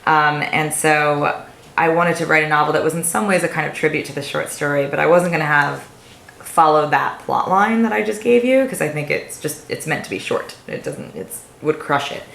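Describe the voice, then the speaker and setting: A woman author chatting with an audience after a reading, retelling a story with lively asides. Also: low-pitched, moderate pace, creaky. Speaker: visiting author. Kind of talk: casual talk and Q&A at a reading. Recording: echoey room with faint hiss.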